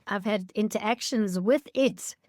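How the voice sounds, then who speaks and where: Lady hosting an interview, thoughtful slow questions, dry room. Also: mid-range voice, darkish tone, no echo. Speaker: podcast host.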